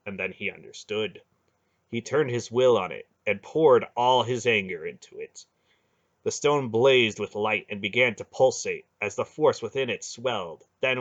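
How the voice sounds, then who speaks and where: A man narrating a fantasy audiobook in a lively, expressive reading. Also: fairly low pitch. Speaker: audiobook reader. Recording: dull lo-fi home recording.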